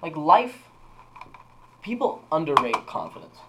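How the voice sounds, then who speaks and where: A man's voice: a little high, big pitch swings, measured pace, very noisy. A young man co-hosting a podcast, telling a story in rambling casual chat with lots of fillers and restarts. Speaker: podcast co-host.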